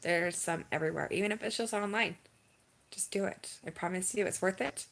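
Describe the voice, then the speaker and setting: A young woman vlogging to camera in a candid, chatty way, moving from earnest advice to bursts of excitement and near tears. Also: on the low side, brisk, vocal fry. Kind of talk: casual talk to camera.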